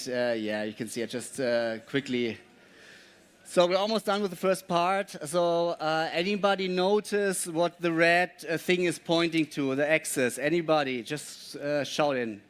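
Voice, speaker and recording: A man giving a live presentation, explaining slides and asking his audience questions, with frequent pauses. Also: on the high side, fairly bright tone, smooth.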